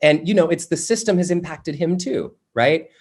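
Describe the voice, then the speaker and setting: A man's voice: fairly high pitch, normal speed. Man telling a story in a workshop. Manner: conversational, animated, many fillers. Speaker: workshop teacher. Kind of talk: personal storytelling in a workshop talk.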